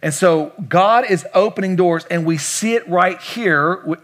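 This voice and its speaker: High-voiced emphatic male pastor preaching. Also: normal speed, few pauses, fairly bright tone. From Kentucky. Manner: emphatic, asks the congregation questions and repeats lines. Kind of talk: preaching a sermon.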